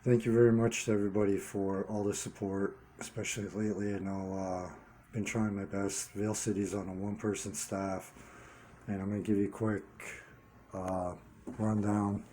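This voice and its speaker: Man, fairly low voice, warm and mellow; an earnest solo vlogger thinking aloud, restarting phrases and hammering single words. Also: little pitch movement, moderate pace, a little hiss or hum. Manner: earnest, repeats key words for emphasis. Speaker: vlogger running a one-person channel. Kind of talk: unscripted commentary monologue.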